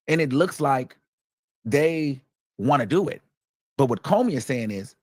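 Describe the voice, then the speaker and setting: A man's voice: medium pitch, expressive, normal speed, dry recording. A man hosting reaction commentary, emphatic and repeating his points for stress. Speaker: commentary host.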